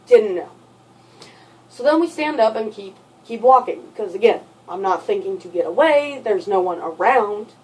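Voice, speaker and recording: A young adult woman telling a personal story in a vlog, halting and looping back over details with lots of fillers. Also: fairly high pitch, lively intonation, darkish tone. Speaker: vlogger. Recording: voice sits far from the mic.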